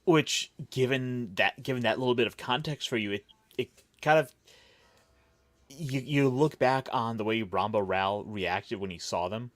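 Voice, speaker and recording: A man's voice: medium pitch, unhurried, no room sound. A man hosting a casual roundtable chat, recapping with wry, mocking asides. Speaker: podcast host.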